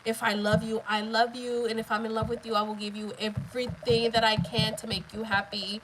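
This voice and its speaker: A woman's voice: on the high side, flat delivery, fairly quick, background noise. A woman in her thirties chatting casually on a live stream, blunt, profane and emphatic as she tells her story.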